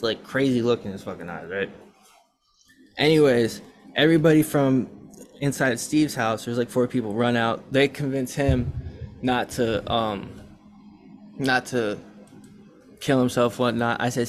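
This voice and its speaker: Young man, podcast host, casual storytelling, rambling, swears a lot, mid-pitched voice. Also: moderate pace. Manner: rambling, profane, animated retelling.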